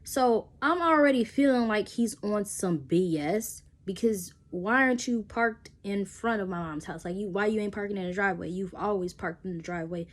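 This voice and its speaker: A young woman, telling a personal story in a casual storytime and acting out the voices with sudden jumps in pitch. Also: moderate pace, hardly any pauses. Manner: animated, acts out quotes with pitch jumps.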